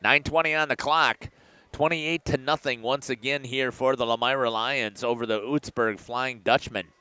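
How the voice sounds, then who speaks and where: A man doing play-by-play commentary for a local high school football game, getting louder and higher on big plays. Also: moderate pace, clean tone, no echo. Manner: excited rising calls on big plays. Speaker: play-by-play announcer.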